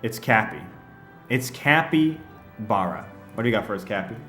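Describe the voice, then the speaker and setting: A male streamer with a bouncy, animated voice that swings up and down as he chats. He laughs easily and talks straight to his viewers. Heard in a roomy, echoey space with faint music underneath. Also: fairly low pitch, normal speed. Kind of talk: casual livestream chat and game commentary.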